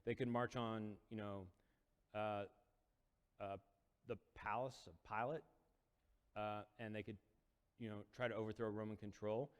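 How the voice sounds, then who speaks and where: A man's voice: fairly low pitch, little pitch movement, measured pace, long pauses, clean tone. A male preacher retelling a Bible story in a casual, storytelling sermon, acting out quotes with rising intensity. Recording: long hall reverb.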